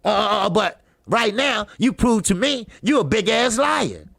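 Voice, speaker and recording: A loud boxing talk host whose high, gravelly voice swings wildly up and down. He curses freely, laughs a lot and shouts out names from the live chat, all in a dry, close-miked sound. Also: expressive, unhurried, no echo. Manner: loud, profane, laughing often, shouting greetings to chatters.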